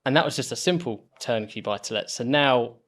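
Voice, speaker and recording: A man's voice: mid-range voice, fairly quick, a bit bright. A man, talking through his story as a guest on a podcast interview. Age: 30s. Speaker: property investor guest.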